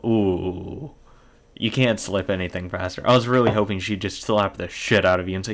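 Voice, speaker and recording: A man's voice: sits low, fairly even intonation, brisk, fairly bright tone. A man reading a visual novel aloud for a let's-play, breaking in with blunt, profane commentary.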